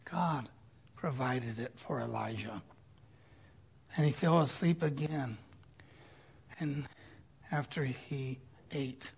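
A preacher tells a Bible story slowly, in a gravelly voice. The delivery is animated, moving from loud, emphatic points to quiet, reflective ones, with playful asides to the listeners. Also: mid-range voice.

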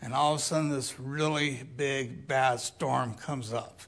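An older man preaching a sermon in a slow, deliberate way, dropping into quiet asides. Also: mid-range voice, steady tone, gravelly.

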